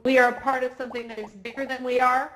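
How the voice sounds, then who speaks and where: A woman's voice: high-pitched, flat delivery, quick pace, fairly bright tone, a little hiss or hum. Emotional, chatty woman hosting live. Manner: emotional, chatty, on the verge of tears. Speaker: event host. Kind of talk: excited live event hosting. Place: virtual reality event.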